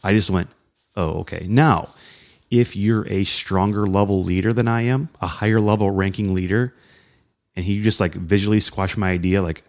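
A man co-hosting a casual talk on leadership, animated and often acting out what people say. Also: on the low side, moderate pace. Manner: animated, acts out quoted voices. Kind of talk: casual conversation about leadership.

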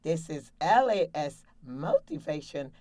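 A woman with a low voice leads a guided laughter exercise, talking slowly and upbeat, cheering her listeners along. She speaks close to a studio mic with a dry sound and no room echo. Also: very animated, warm tone. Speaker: laughter yoga coach and show host.

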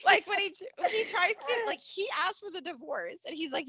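A woman co-hosting a podcast in casual chat, animated and laughing, acting out characters' lines. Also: very high-pitched, moderate pace, hardly any pauses. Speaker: podcast co-host. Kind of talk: casual chat recapping a soap opera.

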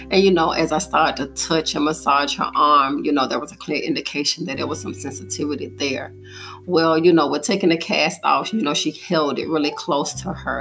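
A woman's voice: sits low, gravelly, fairly bright tone. A young woman hosting a podcast, telling a personal story in an earnest, heartfelt motivational monologue. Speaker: podcast host.

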